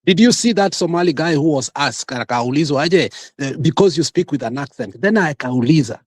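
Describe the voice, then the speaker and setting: A man's voice: fairly high pitch, lively intonation, a little fast, hardly any pauses, no echo. A man with a Kenyan accent arguing insistently in a heated livestream debate, talking over others and switching between English and Swahili. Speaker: panelist.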